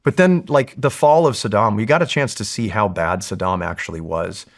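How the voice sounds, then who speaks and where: A man in his forties, a Marine veteran, telling stories in a casual, candid, animated way with frequent fillers and swearing. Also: lowish voice, moderate pace. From California. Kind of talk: casual storytelling in a long-form interview.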